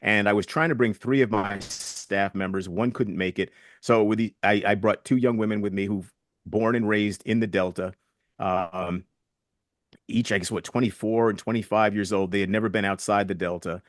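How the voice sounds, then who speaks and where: Earnest older man, low voice, dry sound. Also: steady tone, normal speed, dry recording. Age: 60s. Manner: earnest, reflective, retells conversations. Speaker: guest. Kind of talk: conversational interview storytelling.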